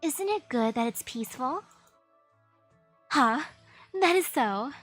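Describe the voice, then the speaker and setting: A woman streaming a video game, reading its dialogue aloud in a playful, animated way and adding her own commentary. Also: sits high, slow pace, dry recording, faint music behind. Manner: playful, animated, switches voices for characters.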